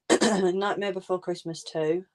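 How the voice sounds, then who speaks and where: Speaking slowly in a slightly low, somewhat mellow voice with fairly even intonation, a woman runs a crafting livestream from home. Her chat with viewers is casual and informal, and she laughs often.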